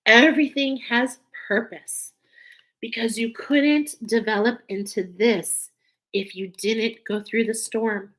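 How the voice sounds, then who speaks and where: A woman's voice: a little high, fairly even intonation, slow pace, fairly bright tone, low-quality recording. A woman giving an emotional, earnest spiritual oracle card reading, teary at times.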